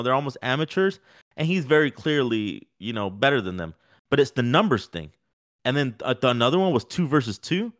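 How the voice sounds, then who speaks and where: A man co-hosting a podcast, talking in a rambling, animated, casual way with many fillers. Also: mid-range voice. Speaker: podcast co-host. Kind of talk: casual sports chat.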